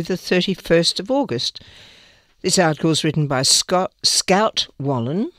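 A man's voice: on the high side, animated, normal speed, a bit bright, dry recording, clean studio sound. A man reading newspaper articles aloud, with small slips now and then. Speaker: newspaper reader.

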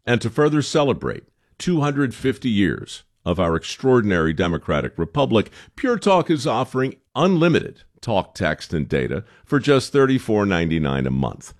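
Lively low male ad voice. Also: moderate pace. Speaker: ad announcer. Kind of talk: commercial read.

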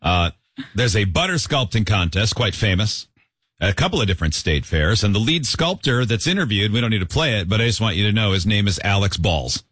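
A man's voice: on the low side, very animated, brisk, a bit bright, slightly rough, no echo. A man hosting a comedic podcast chat, playful and teasing as he runs through topics.

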